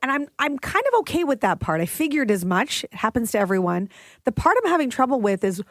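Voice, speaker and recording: Slightly raspy woman, chatty co-host. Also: fairly high pitch, big pitch swings, fast, dry recording. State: recovering from voice loss. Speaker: podcast co-host. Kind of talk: casual chat.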